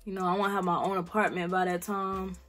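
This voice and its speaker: A woman's voice: fairly low pitch, level tone, fast talker, a bit bright, faint music behind. A young woman in her late teens with a South Carolina accent, answering Q&A questions in a blunt, slangy vlog where she swears freely. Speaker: vlogger. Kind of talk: casual Q&A vlog.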